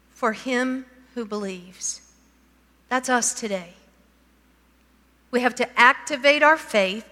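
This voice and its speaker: A woman's voice: high voice, pushed and bright. A woman preaching a sermon, reading scripture aloud and asking her listeners questions. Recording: long hall reverb.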